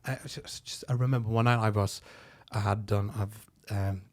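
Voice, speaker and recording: A man's voice: fairly low pitch, fairly even intonation. A man with a Norwegian accent, a comedian chatting candidly as a podcast guest, with frequent restarts. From Norway. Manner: candid, quick, lots of restarts and laughs. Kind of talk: casual podcast chat.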